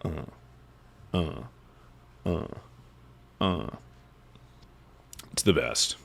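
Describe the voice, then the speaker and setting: A man's voice: extremely low pitch, expressive, drawn-out words, vocal fry, fairly bright tone. A man streamer chatting casually to his viewers, rambling and swearing freely as he reacts to confessions. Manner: loose, rambling and profane. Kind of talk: casual livestream chat.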